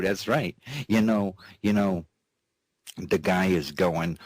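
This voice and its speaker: Deep, slightly mellow, and slow, this man hosts his own news and commentary show as a playful cowboy-style comic monologue. He drawls, keeps repeating "that's right," and chuckles between phrases while bantering with an off-mic partner. The recording is dry.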